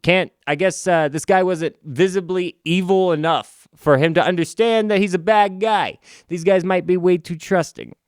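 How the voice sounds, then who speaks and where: A man's voice: high voice, moderate pace, few pauses, dry recording. Male comic reviewer, rambling and wry, clean dry close recording. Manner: wry, rambling, self-interrupting. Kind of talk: casual comic review read-through.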